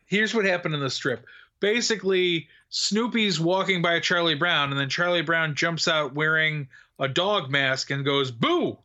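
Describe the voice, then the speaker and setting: A man's voice: fairly high pitch, normal speed, bright, forceful tone, muffled recording. A man co-hosting a podcast in casual chat, rambling with fillers, restarts and frequent laughs. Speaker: podcast co-host.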